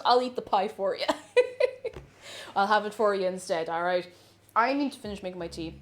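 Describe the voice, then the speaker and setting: A woman hosting a live baking stream from her home kitchen, chatty and excitable, laughing often as she greets viewers. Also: medium pitch. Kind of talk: casual live-stream chat.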